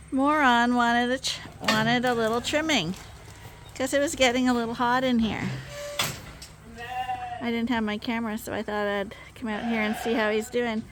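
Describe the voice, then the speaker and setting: Farm vlogger: woman, slow and raised-pitch delivery, coos at her sheep, faint barn noise behind. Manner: cooing baby talk to the animals. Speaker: sheep farmer. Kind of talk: farm vlog narration.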